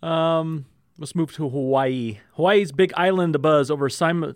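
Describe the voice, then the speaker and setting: A man's voice: a little high, unhurried, clean tone, no echo, studio quality. A man co-hosting a podcast, laid-back and casual, reading out news items between banter. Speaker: podcast co-host. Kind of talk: casual chat.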